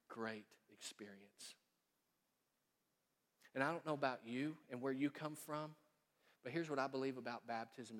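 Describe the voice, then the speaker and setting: A man preaching a sermon as pastor in a church sanctuary, folksy and storytelling, growing quiet and earnest. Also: mid-range voice. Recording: long reverb of a church hall.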